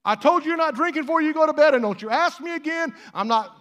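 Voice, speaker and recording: A man's voice: very high-pitched, expressive, quick pace, fairly bright tone, voice pushed up. A man putting on the voice of a stern mother scolding her child, firm and exasperated.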